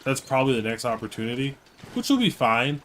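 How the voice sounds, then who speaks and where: A man co-hosting a live game stream chats fast and casually, rambling and playful. His medium-pitched voice swings widely in pitch and sounds a bit bright, with slight background noise.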